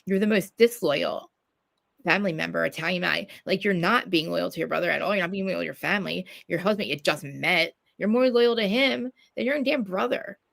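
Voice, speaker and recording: Jersey woman venting on a podcast, super gravelly voice, cusses constantly, trips over her words. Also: on the low side, brisk, a bit bright. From New Jersey. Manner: profane, ranting, many restarts. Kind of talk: casual chat.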